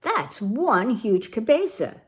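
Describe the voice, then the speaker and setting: A woman voicing an excitable Siamese kitten boy who pretends to be a Chihuahua, with an exaggerated put-on Spanish accent. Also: mid-range voice, normal speed. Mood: excited.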